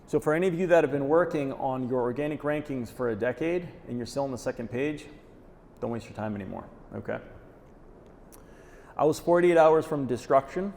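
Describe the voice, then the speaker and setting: A man gives a live talk in a conference hall, punchy and direct, often checking in with "okay?" after making a point. His medium-pitched voice is fairly quick, darkish, and has vocal fry. The recording echoes in the hall with faint noise.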